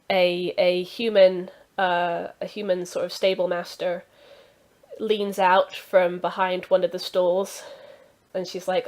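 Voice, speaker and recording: A woman's voice: fairly low pitch, flat delivery, slow pace, a little mellow. A woman narrating as game master, chatty and full of restarts. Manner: chatty, with many fillers and restarts.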